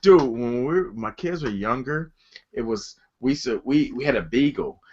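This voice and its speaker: Profane, animated man telling stories. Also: mid-range voice, normal speed, breathy edge, muffled recording. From Detroit. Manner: profane, animated storyteller acting out voices. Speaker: podcast co-host. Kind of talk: casual storytelling.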